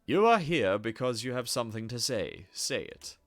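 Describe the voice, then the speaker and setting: A man's voice: mid-range voice, sing-song, moderate pace, fairly bright tone, dry recording, pitched below the performer's own voice. A man voicing a stern, weary male god-king who speaks in cold, clipped lines. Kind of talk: reading game dialogue aloud with voices.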